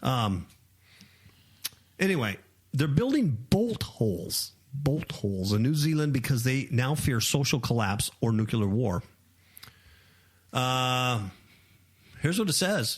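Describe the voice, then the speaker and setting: A man's voice: medium pitch, big pitch swings, slow pace, pauses often. A man co-hosting a talk radio show, ranting animatedly with frequent laughs. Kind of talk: opinionated talk radio chat.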